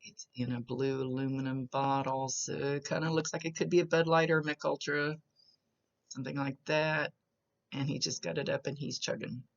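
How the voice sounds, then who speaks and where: A woman psychic gives a client a recorded reading in a chatty monologue, reporting images as they come and often beginning sentences again. Her bass voice has vocal fry and a steady tone at a moderate pace, and the audio is dull.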